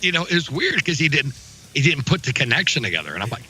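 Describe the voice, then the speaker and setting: A man with a gravelly voice, a guest chatting loosely and joking with swearing in a casual podcast interview. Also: a little high, very animated, fast, pushed and bright, poor audio. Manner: rowdy, jokey, swears freely.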